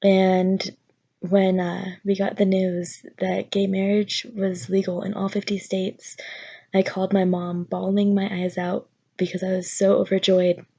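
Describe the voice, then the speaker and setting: A young woman shares her story in a home vlog, nervous and rambling, circling back on herself with lots of fillers. Her voice has a gravelly fry at the ends of phrases, and the recording sounds dull and lo-fi. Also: medium pitch, completely flat delivery, a little slow, warm tone. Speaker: vlogger.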